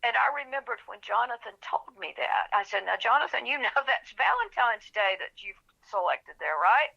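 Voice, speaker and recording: A woman tells her story with feeling and acts out every voice in it. Her voice is bright and carries a gravelly edge. The audio sounds dull and lo-fi, like a remote recording. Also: on the high side, normal speed. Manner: animated storyteller, acts out quoted voices, gets emotional. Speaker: author, podcast guest. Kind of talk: storytelling in an interview.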